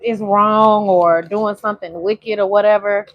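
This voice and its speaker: A woman's voice: medium pitch, fairly even intonation, dull audio. Chatty emotional tarot reader woman. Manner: chatty, emotional, drawn-out sung phrases. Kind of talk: casual spiritual reading to viewers.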